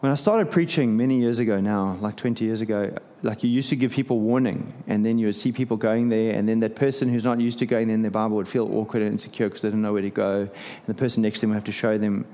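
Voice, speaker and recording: A man's voice: lowish voice, fast talker. Conversational male preacher in a reverberant hall. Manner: conversational, animated preaching with self-deprecating asides. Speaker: pastor. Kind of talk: sermon.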